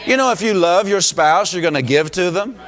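High-voiced emphatic American preacher man. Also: animated, a little fast, fairly bright tone, some chatter behind. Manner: emphatic preaching with rising exclamations. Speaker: pastor. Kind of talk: sermon.

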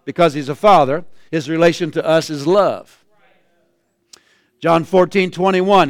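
Man preaching with shouted refrains. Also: on the high side, measured pace, long pauses, no room sound, studio quality. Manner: calls out to the congregation. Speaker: pastor. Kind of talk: sermon.

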